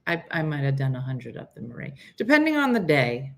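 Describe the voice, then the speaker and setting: A woman's voice: deep voice, sing-song, brisk, fairly bright tone. A middle-aged woman chatting casually on a morning live stream, rambling and answering viewers' comments.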